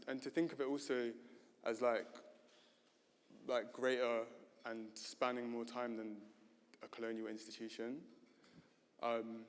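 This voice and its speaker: A man speaking at a panel event, unscripted and hesitant, with many fillers and restarts. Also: medium pitch. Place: gallery event stage. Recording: reverberant hall.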